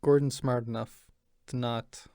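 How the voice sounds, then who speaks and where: A man's voice: medium pitch, level tone, a little slow, warm tone, dry recording, clean studio sound. A man co-hosting a podcast in casual chat, insistent about his points and leaning on filler words. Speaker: podcast co-host.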